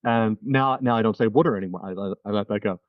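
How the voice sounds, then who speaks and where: A man with a South Jersey accent hosting a podcast, chatting in a quick, joking way. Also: on the low side, dry recording, phone-quality sound. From South Jersey, USA. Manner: quick, joking, profane banter. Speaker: podcast host. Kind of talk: casual podcast chat.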